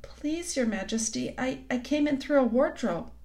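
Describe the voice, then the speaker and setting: A woman's voice: sits high, animated, moderate pace, dark tone, voice pushed up. A woman reading a storybook aloud and voicing a nervous, awkward schoolboy who stammers and hesitates.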